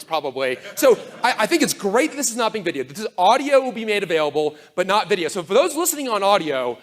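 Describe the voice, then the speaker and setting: A man giving a conference talk to a live audience, sardonic and animated, full of fast asides and mock quotes. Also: sits high. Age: older. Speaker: conference speaker.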